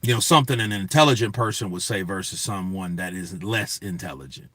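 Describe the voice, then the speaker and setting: A man's voice: low-pitched, brisk, bright, forceful tone, no room sound. A man hosting a boxing news show, talking in a casual, profane, emphatic rant to his viewers. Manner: profane, emphatic, talks to chat.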